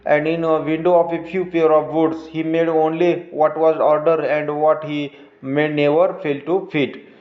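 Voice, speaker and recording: A man with an Indian English accent, teaching a class by reading a story aloud and explaining word meanings, slow and halting, with many fillers and restarts. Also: on the high side, little pitch movement. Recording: roomy, dull lo-fi recording.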